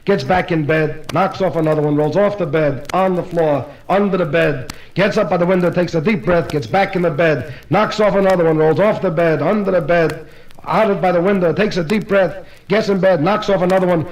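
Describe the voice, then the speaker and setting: A man's voice: high voice, a little fast, muffled recording. A man performing live stand-up comedy, rattling off jokes in run-on "he says, she says" storytelling. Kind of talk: live stand-up joke telling.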